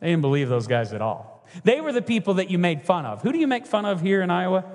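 High-voiced man preaching in a reverberant hall. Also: sing-song, fast, a little mellow. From Texas. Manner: conversational preaching, frequent "right?" to the congregation. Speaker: pastor. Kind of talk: sermon.

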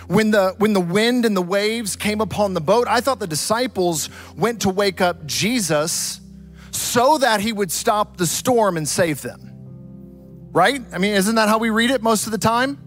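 A man preaching a sermon, telling a story dramatically and swinging from loud to hushed. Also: sits high. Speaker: pastor.

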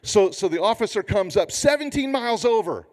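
A man in his fifties, a pastor preaching a sermon with humorous, animated storytelling. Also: high voice, a little fast.

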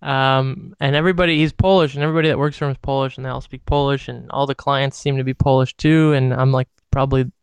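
A man's voice: mid-range voice, steady tone, quick pace, few pauses, clean tone, dry recording. A man co-hosting a podcast, telling rambling, laid-back stories in casual chat, full of fillers. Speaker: podcast co-host.

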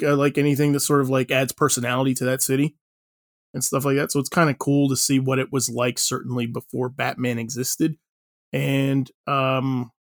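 A man's voice: medium pitch, no echo, studio quality. A man co-hosting a podcast, talking casually and rambling, with many fillers and restarts. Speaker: podcast co-host. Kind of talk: casual chat.

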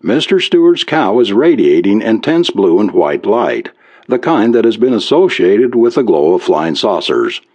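A man voicing a nervous, urgent male physicist in a read-aloud story, hurried and anxious. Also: fairly low pitch, big pitch swings, darkish tone. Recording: dull lo-fi recording.

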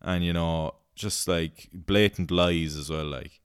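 A man's voice: sits low, steady tone, takes it slowly, smooth, dry recording, studio quality. An Irish man hosting a podcast, ranting in casual chat and swearing freely. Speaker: podcast host.

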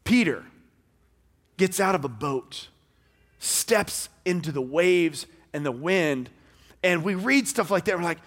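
A man preaching a sermon as pastor, talking in a conversational way that swings between loud and hushed. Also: high voice, animated, slow, long pauses. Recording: long hall reverb.

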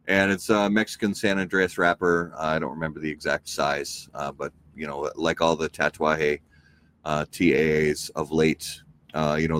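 Deep-voiced man in casual chat. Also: a little hiss or hum. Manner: relaxed, rambling, many fillers. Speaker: podcast co-host.

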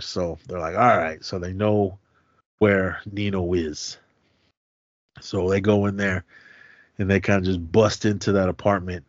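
A man's voice: low-pitched, measured pace, long pauses, dry recording, dull audio. A man co-hosting a podcast, casually recapping a film scene by scene and acting out the characters' lines as he goes. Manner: animated retelling, voicing characters' lines. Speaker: podcast co-host.

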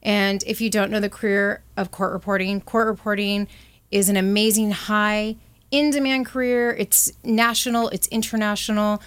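A woman's voice: mid-range voice, flat delivery, normal speed, clear, resonant tone, no room sound. A woman speaking as a college representative in an interview, enthusiastic and upbeat. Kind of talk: promotional interview.

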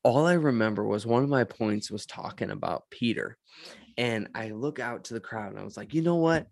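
A man in casual podcast chat, a pastor and co-host telling animated stories and laughing often. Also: on the low side, moderate pace, gravelly.

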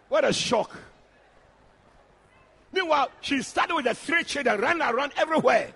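A man preaching a sermon in church, shouting and calling out to the congregation. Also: very high-pitched, unhurried, pauses often, some chatter behind. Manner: shouting, animated, addressing the congregation directly.

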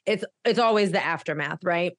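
Woman in her forties, animated storyteller, emphatic, dry close sound. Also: moderate pace, no room sound. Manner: animated, emphatic, jumps high when quoting herself. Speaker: guest. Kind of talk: personal storytelling.

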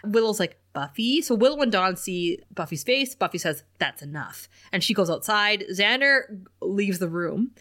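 A young adult woman chats casually as a podcast co-host, laughing easily as she retells scenes. She acts out quoted lines with lively pitch jumps. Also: normal speed. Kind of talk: casual chat recapping a TV episode.

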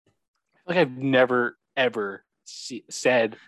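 Tipsy man, mid pitch, jokey interjections, dry close sound. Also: fairly bright tone, no echo. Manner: joking, quick interjections. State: a little tipsy. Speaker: podcast co-host. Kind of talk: casual movie review chat.

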